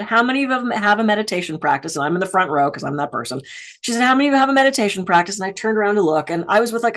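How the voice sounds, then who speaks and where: Middle-aged woman doing a stress talk, lowish voice, animated storytelling, soft music under it. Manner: animated storytelling, acting out her inner voice. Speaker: stress management speaker. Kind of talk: motivational talk to camera.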